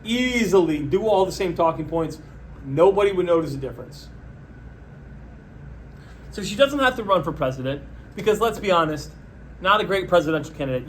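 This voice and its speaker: A man hosting a podcast, delivering a sarcastic, mocking solo rant in a deadpan pitching tone. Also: slight background noise. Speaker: podcast host. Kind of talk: solo comedic political rant.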